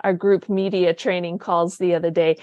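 A woman's voice: fairly low pitch, level tone, normal speed, dark tone, no room sound. A woman hosting a casual interview, talking in an eager, rambling way with frequent restarts. The sound is close and dry, with no room around her. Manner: chatty, enthusiastic, many restarts. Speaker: podcast host.

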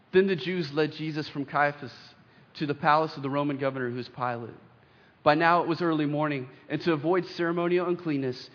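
A young man preaches with earnest weight, leaning into pauses as he reads scripture aloud. His voice sits a little high for a man. The recording is dull and lo-fi, and each phrase trails off into the long reverb of a big hall. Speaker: pastor. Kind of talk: sermon.

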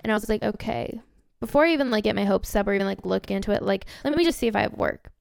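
A nineteen-year-old woman from Southern California telling a story on her own podcast, bubbly and excitable, full of "like" and "literally". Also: mid-range voice, very fast, vocal fry, smooth, no room sound, studio quality. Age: young adult, around 19. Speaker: podcast host. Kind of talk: casual storytelling monologue.

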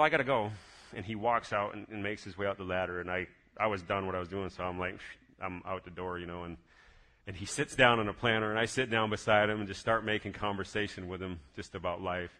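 A man with a fairly low but bright, forceful voice recounts a personal faith story. He talks casually and gets excited, restarting his sentences as he goes. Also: fairly quick. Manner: lively, excited retelling with many restarts. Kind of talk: casual spoken testimony storytelling.

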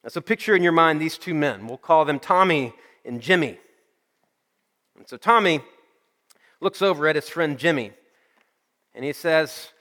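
A male pastor preaching a sermon, telling a story and then slowing and softening his voice for emphasis. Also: on the high side, lively intonation, in a large hall.

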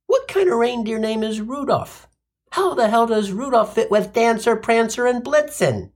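A man's voice: extremely high pitch, normal speed. A man telling a comic monologue, wisecracking and sardonic, sprinkling in Yiddish. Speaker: comedic storyteller.

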